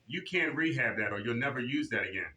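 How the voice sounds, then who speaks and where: A man leading a seniors' exercise class, motivating and coaching, who counts out reps in a loud drill-sergeant cadence. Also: medium pitch, lively intonation, fast. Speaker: fitness instructor. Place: senior center activity room. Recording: echoey room.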